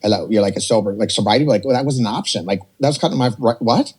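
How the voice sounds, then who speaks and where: A man in his forties telling a personal story on a podcast, animated and rambling, slipping into voices to act out what others said. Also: mid-range voice, quick pace, slightly rough. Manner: animated, rambling, jumps between quoted voices. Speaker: podcast guest. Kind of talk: casual storytelling.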